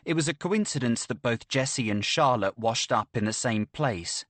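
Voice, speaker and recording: A man's voice: medium pitch, expressive, moderate pace, a bit bright, no room sound, lightly acted. A male narrator voicing a clever, cold young woman who sometimes snarls in anger, in an audiobook thriller. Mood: cool. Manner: controlled, then snarling in anger. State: slurred after a head blow.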